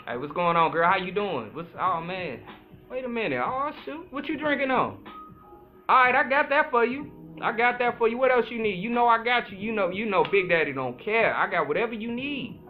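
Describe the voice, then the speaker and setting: A man playing a brash, flashy guy who hits on a woman at a club, talking loud and boastful and eager to please. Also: high-pitched, animated, brisk, pitched above the performer's own voice. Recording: phone-like sound with music behind.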